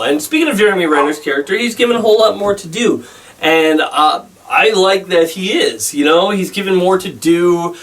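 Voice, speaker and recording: A man with a somewhat high voice talks through a film review in a loose, rambling way, stopping and restarting his sentences often. He sits a little back from the microphone, so his voice sounds slightly distant. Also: fairly bright tone. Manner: rambling, halting, with many restarts and fillers. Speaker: movie reviewer. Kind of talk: casual spoken film review.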